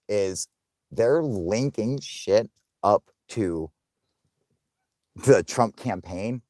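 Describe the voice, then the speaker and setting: A young man hosting a casual livestream, swearing often, laughing, and loudly thanking viewers for donations. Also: fairly low pitch, no echo, clean studio sound. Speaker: livestream host.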